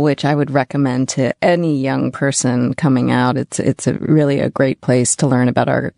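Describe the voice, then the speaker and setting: Measured woman executive, slightly gravelly. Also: low-pitched, darkish tone, no echo, studio quality. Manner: measured, corporate, with fillers. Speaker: biotech company executive. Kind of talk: interview answers.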